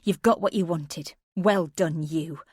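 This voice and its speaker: A woman's voice: low voice, unhurried, darkish tone, husky, no room sound, clean studio sound. A woman voicing the narrator's own character, a bitter, defiant wife speaking stonily. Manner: cold, stony and challenging.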